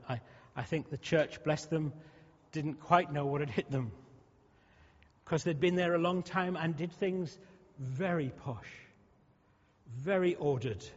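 A male pastor preaching a sermon in a conversational way, often restarting and repeating words. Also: fairly high pitch. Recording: muffled sound with long hall reverb.

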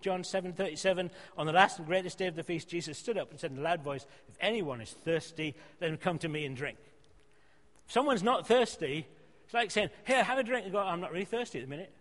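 A man preaching a sermon, earnest and emphatic, swinging between loud exhortation and softer pleading. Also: fairly high pitch. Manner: earnest, emphatic, rising to loud exhortation then dropping soft. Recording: long reverb of a church hall.

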